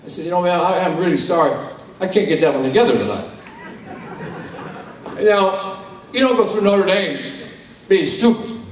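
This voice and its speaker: A man's voice: high-pitched, expressive, normal speed, pauses often, slight background noise. An older man from New York giving a candid, blunt personal testimony at a conference, telling his story with salty language. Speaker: conference speaker. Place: large conference hall. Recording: echoey hall, mic from far off.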